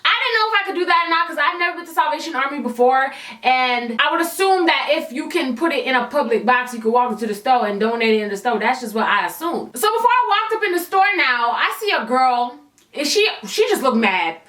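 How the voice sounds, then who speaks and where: A woman YouTuber telling a storytime vlog in a sassy, slangy and animated way. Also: sits high, fairly quick, roomy sound.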